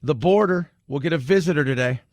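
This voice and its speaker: A man's voice: on the high side, fairly quick, dry recording. A middle-aged man hosting a talk radio show, talking bluntly and sarcastically in a rambling monologue into a studio mic.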